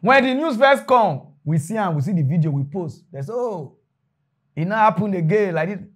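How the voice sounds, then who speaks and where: Nigerian pidgin guy doing a preachy commentary rant, slightly high voice. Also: moderate pace. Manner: animated, preachy ranting. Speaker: commentary host. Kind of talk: casual commentary.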